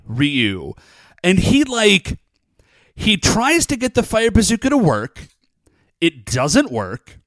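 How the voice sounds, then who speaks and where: Animated chatty man recapping a show. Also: a little high, dry recording, clean studio sound. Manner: animated, chatty, lots of fillers. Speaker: podcast co-host. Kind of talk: casual episode recap chat.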